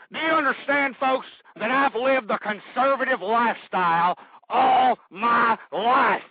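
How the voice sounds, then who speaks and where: Brief: radio host, male, gravelly high voice, dry and close, furious rants. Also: no room sound. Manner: ranting, shouting in bursts. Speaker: radio talk show host. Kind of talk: call-in talk radio rant. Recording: dull lo-fi radio audio.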